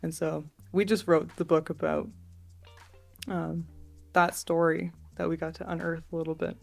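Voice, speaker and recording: A young woman artist, a podcast guest, telling stories in a chatty, relaxed way with many fillers. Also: low voice, moderate pace, creaky, faint music behind. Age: young adult. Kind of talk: casual interview storytelling.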